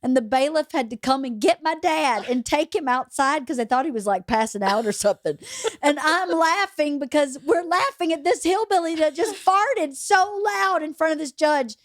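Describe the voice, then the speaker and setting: Podcast host, woman, slightly high voice, dry close sound, animated casual storyteller. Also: normal speed, dry recording. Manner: animated storyteller, laughs through the telling.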